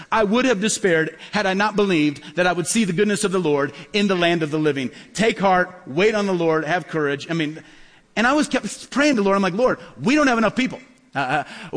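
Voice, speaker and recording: A man preaching a sermon as pastor, telling stories quickly and acting out the dialogue. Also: high-pitched, fairly bright tone. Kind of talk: sermon storytelling. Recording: long hall reverb.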